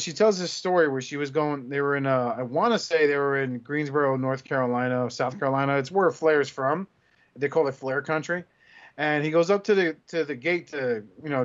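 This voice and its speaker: On a casual podcast, a male co-host with a somewhat high voice tells meandering stories, often stopping and starting over. The audio sounds dull.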